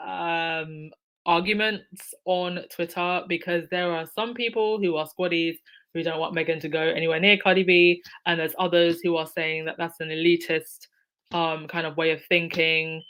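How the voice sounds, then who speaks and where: Chatty woman on a livestream, low voice. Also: fairly even intonation, measured pace, a bit bright, smooth, low-quality recording. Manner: chatty, thanks donors by name, reads comments aloud. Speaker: YouTube commentator reading live chat donations. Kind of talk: casual livestream chat.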